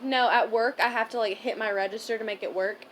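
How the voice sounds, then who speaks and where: Young woman, blunt casual podcast co-host, swears freely, a bit high-voiced, faint room hiss. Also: steady tone, brisk. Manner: blunt, swears often, jumps between loud and mumbled. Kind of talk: casual chat.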